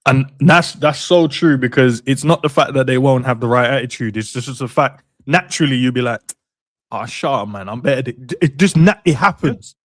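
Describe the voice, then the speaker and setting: A man's voice: medium pitch, fairly quick, hardly any pauses, no echo, studio quality. A man co-hosting a football podcast chats casually, mostly agreeing and adding short remarks. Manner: agreeing, backchannels, laughs along.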